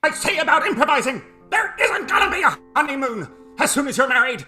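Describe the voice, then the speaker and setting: Brief: theatrical scheming con man, animated and high. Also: fairly quick. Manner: theatrical, complaining. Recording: faint music behind.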